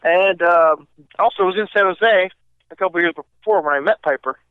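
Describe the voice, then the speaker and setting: A man co-hosting a podcast in casual chat, an easygoing storyteller with quick comebacks, heard over a tinny phone-like line. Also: high-pitched, clear, resonant tone, no room sound. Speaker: podcast co-host.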